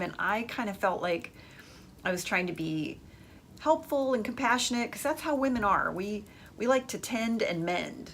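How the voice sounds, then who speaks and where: A woman's voice: mid-range voice, lively intonation, normal speed, a bit bright, a little hiss or hum. Woman giving frank dating advice. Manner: emphatic, conversational, addresses listeners directly. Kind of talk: advice podcast monologue.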